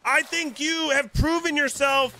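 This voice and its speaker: A man streaming a pirate game, talking in melodramatic in-character banter and shouting in mock outrage. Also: extremely high pitch, steady tone, unhurried, a little hiss or hum.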